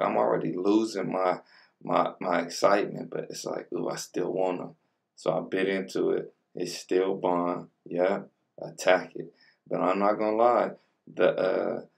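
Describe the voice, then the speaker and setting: Gravelly low-voiced young man vlogging. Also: a little mellow, distant mic. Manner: laid-back slang-heavy chatter between bites. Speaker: mukbang vlogger. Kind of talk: casual food vlog. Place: home room with colored lighting.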